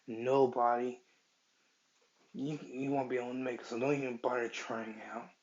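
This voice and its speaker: A man's voice: medium pitch, level tone, moderate pace, natural voice. A man voicing a sneering hot-tempered teen bully. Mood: taunting. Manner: taunting, contemptuous. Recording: dull lo-fi recording.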